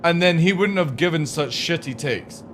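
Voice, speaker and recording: A man's voice: on the high side, animated, moderate pace, fairly bright tone, slight background noise. A young man streaming, ranting about video games in a profane, exasperated way. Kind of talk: ranting gaming stream talk.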